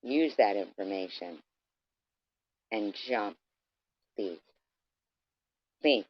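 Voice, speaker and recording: A man's voice: on the low side, unhurried, long pauses, no room sound. A man delivering an aggressive, profane, taunting rant straight at his camera. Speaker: vlogger. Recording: dull lo-fi dry sound.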